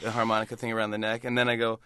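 A man in his forties telling an anecdote in a casual interview, animated and slipping into quick voices of others. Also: on the low side, clear, resonant tone, dry recording, studio quality. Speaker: talk show host and impressionist.

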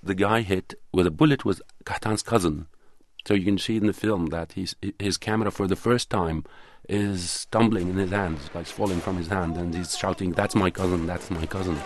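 Deep-voiced earnest male filmmaker. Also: steady tone, moderate pace, a little hiss or hum. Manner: earnest, thoughtful, searching for words. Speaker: documentary film producer and cinematographer. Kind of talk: interview answers.

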